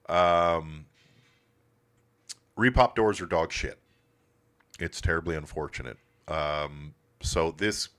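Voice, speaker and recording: In a low, slightly bright voice, the host of a classic car livestream gives casual commentary from his auto shop. He talks bluntly, swears often and keeps the shop talk relaxed.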